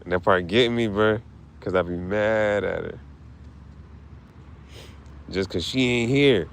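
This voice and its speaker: A man's voice: on the low side, a little slow, vocal fry. A man talking casually and emotionally, grieving, swearing and repeating himself in slang. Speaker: streamer.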